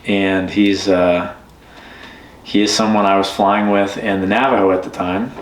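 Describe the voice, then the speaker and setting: A man's voice: deep voice, measured pace. A man, a bush pilot, telling a story in a casual chat and acting out the quotes. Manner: lively retelling with voiced quotes. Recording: roomy echo.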